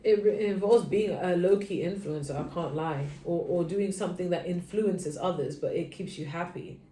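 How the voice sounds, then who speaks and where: At a normal pace, a woman with a lowish voice reads tarot casually and chattily, weary from too little sleep, alternating quiet murmurs with perky bursts. There's echo, faint room ambience and a little hiss or hum.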